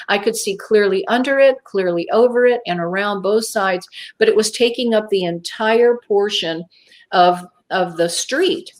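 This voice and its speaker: Woman recounting a strange encounter. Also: medium pitch. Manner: animated storytelling, acts out her own past thoughts. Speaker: guest. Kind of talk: telling a personal encounter story.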